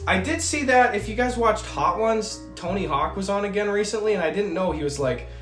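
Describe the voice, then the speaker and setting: A man's voice: sits high, expressive, fairly quick, a bit bright, reverberant, soft background music. A man chatting casually on a livestream, rambling and swearing as he reads out chat messages, and a little sick. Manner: rambling, swearing, jokey asides. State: a bit sick. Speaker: streamer reading chat.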